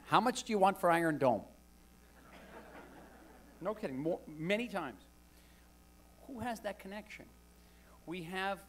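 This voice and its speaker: Guy giving a talk to a crowd, joking around, fairly high voice, slight hum. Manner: wry, conversational, animated storytelling. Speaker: guest speaker, author. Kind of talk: public talk to an audience. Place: lecture hall with live audience.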